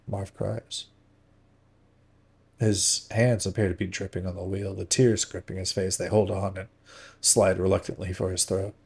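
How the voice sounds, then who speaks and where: A man reading a first-person novel aloud on a stream, measured and dramatic, often sinking to hushed tones. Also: low voice, husky.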